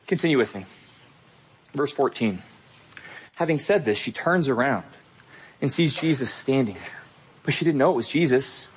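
A man's voice: mid-range voice, animated, normal speed, pauses often, slightly rough. A male pastor preaching a sermon, talking straight to the listener with earnest, emphatic repetition.

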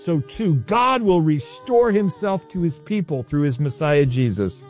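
A man preaching a sermon as a pastor, teaching in an animated, playful, excitable way. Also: a little high, measured pace, faint music behind.

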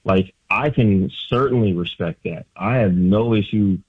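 A man's voice: lowish voice, a little slow, husky, dry recording. A man calling in as a sports writer guest, talking basketball in loose, emphatic radio chat with lots of filler likes. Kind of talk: casual sports radio analysis. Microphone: phone line. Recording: tinny phone line, dry.

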